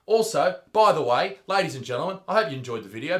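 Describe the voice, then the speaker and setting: A man's voice: on the high side, sing-song, fast talker. A man with an Australian accent ranting crudely in a mocking comedic reaction, swearing often. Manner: loud, mocking, swears a lot. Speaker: comedy YouTuber reacting to a clip.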